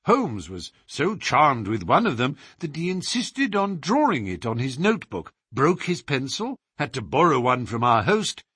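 A man narrating a classic story in a steady storytelling manner. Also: medium pitch, husky, no echo, clean studio sound.

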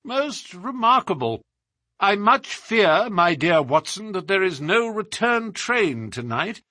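A man voicing a stern, commanding male detective with a husky, emphatic delivery. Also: sits high, very animated, slow, bright, forceful tone, dry recording, clean studio sound, pitched above the performer's own voice, exaggerated voice. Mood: wry. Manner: emphatic, incisive.

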